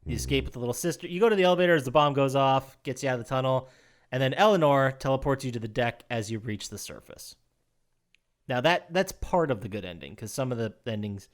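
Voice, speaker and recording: A man co-hosting a podcast, retelling a video game story in casual chat, animated and quick to laugh, with restarts. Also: medium pitch. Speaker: podcast co-host.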